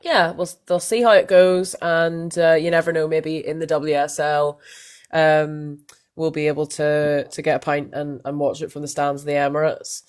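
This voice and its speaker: A woman's voice: deep voice, flat delivery, moderate pace, a little mellow. A woman co-hosting a casual women's football podcast, chatting with plenty of fillers and restarts. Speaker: podcast co-host.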